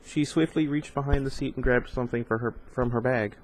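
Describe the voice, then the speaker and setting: A man's voice: mid-range voice, steady tone, brisk, poor audio. Man reading a novel aloud casually. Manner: informal, stumbles over foreign words. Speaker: reader.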